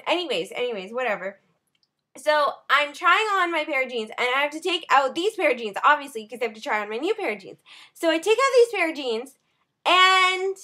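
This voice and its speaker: A young woman vlogging in a casual rant, animated and full of "like" and "okay" fillers, tired from little sleep. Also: high voice. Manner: animated, talks fast with many "like" and "okay" fillers.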